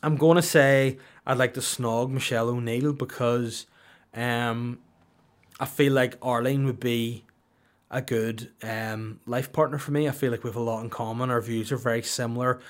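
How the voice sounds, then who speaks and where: A man's voice: mid-range voice, steady tone, normal speed. A man, telling rambling, profane comic stories as a podcast host in a mock-serious tone. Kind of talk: comedic storytelling.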